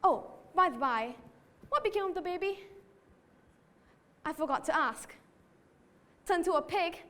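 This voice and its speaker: A student actress performing the Cheshire Cat as a playful, riddling stage monologue in a hall. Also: female voice, very high voice, lively intonation, measured pace, pushed and bright, exaggerated voice. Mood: teasing. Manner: playful, teasing, theatrical. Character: sly riddling Cheshire Cat, grinning and teasing. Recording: reverberant hall.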